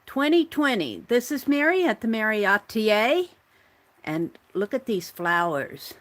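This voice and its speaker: A woman's voice: on the high side, big pitch swings, normal speed, fairly bright tone. A woman hosting a casual morning art livestream, chatting to herself and her viewers as she works at her craft table. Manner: chatty, talks to herself while working. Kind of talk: casual chat while crafting.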